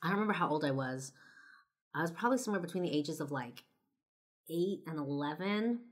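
A woman's voice: low voice, lively intonation, brisk. A woman in her twenties telling a personal story in a casual, chatty way, with lots of fillers and some swearing. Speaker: podcast and video host.

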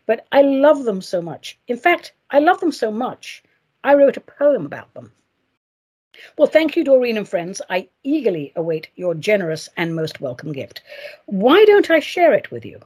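A woman hosts a chatty solo podcast with a husky edge to her voice. Her pitch swoops up and down all the time, and she talks in a playful, theatrical, gushing way. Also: very animated, moderate pace, darkish tone. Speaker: podcast host.

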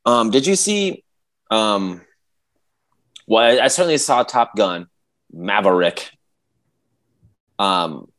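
A man's voice: lowish voice, a bit bright. A man in casual podcast chat, rambling with many restarts as he tells a story, acting out quotes and sound effects. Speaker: podcast co-host.

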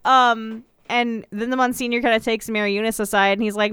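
A woman's voice: a little high, normal speed, few pauses, a bit bright, smooth. A young woman casually and sarcastically recapping a TV episode as a podcast co-host, with a loose, profane way of talking. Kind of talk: casual chat.

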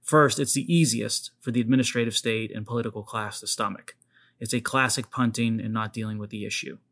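A man hosts his own podcast, offering emphatic commentary aimed straight at his listeners. His voice sits on the lower side, with fairly even intonation, a brisk pace and a slightly bright quality.

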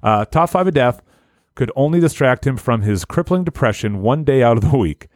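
Male podcast host, casual and joking, swearing freely, lively swooping pitch, dry close mic. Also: normal speed, dry recording. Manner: animated, profane, joking. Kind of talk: casual podcast chat and reading.

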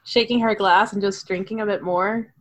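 A woman playing a tabletop game, chatty, giggly and animated. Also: medium pitch, moderate pace. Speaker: player. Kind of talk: casual tabletop game play.

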